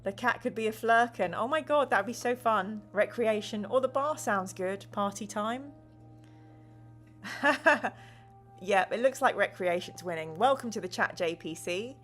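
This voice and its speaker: A woman's voice: mid-range voice, moderate pace, fairly bright tone, soft background music. A woman streaming a gamebook live, bubbly and laughing often, reading out viewers' chat messages and narrating the story.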